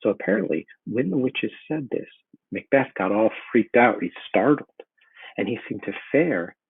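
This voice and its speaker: A man's voice: fairly low pitch, gravelly, husky, no room sound. A man explaining a play in a casual, eager way, reading lines aloud and breaking them down. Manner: casual, enthusiastic explaining with filler words. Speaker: teacher. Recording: tinny phone-like sound.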